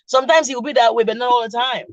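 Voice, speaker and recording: A woman's voice: on the high side, steady tone, fast talker, no room sound, muffled recording. A middle-aged woman with a Nigerian accent hosting a casual chat, laughing often and teasing her viewers directly. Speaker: podcast host.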